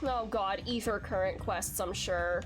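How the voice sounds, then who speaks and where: A woman's voice: medium pitch, unhurried, music in the background. A woman streaming a video game while sick, chatting casually and rambling with lots of "like.". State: sick, saving her voice. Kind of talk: casual gaming commentary.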